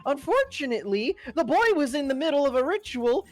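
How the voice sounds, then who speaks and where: Animated woman recapping a game. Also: high-pitched, brisk. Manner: animated, laughing, swearing storyteller. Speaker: player. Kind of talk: casual recap of a game session. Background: faint background music.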